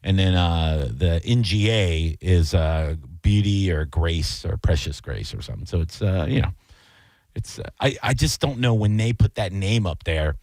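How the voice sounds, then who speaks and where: A man's voice: deep voice, normal speed, darkish tone, dry recording. A man hosting a radio show, rambling and joking in casual banter with plenty of fillers. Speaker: radio host.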